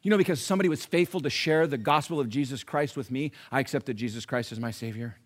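A middle-aged male pastor with a mid-range voice delivers a sermon. He swings between loud exhortation and hushed, almost whispered pleading, repeating himself for emphasis and drawing out slow stresses.

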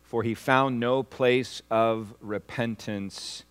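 A pastor preaching a sermon to his congregation, his voice at a middling pitch for a man. He swells from near-hushed, drawn-out phrases to loud, climbing peaks. He keeps asking the room to answer back. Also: fairly even intonation, smooth. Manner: asks the congregation for responses.

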